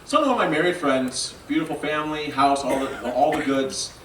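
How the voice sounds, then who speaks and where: A man doing a stand-up set, talking in a halting, rambling way full of fillers. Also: a little high. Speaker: stand-up comedian. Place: comedy venue stage with a live audience. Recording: roomy, distant mic, loud crowd and noise.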